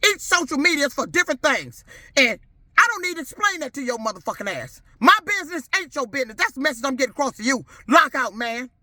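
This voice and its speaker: A woman's voice: high voice, big pitch swings, fast, sharp tone, no echo. Furious middle-aged woman ranting. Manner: furious, profane, confrontational. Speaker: vlogger. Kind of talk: angry rant to camera.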